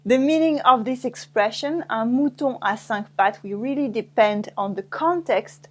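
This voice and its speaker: A woman with a French accent teaching pronunciation in a language lesson, saying words slowly and repeating them with care. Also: a little high. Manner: slow, careful pronunciation drills, repeating each word.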